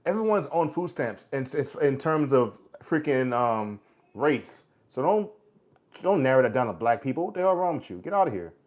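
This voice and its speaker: A man's voice: mid-range voice, very animated, moderate pace, darkish tone. Forties male livestream host, blunt and preachy, casual street talk. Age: 40s. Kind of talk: casual live chat reading comments.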